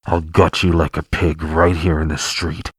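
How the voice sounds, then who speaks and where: A man voicing a menacing male child kidnapper, growling slow, gravelly threats. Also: extremely low pitch, little pitch movement, dry recording, studio quality, voice pushed down.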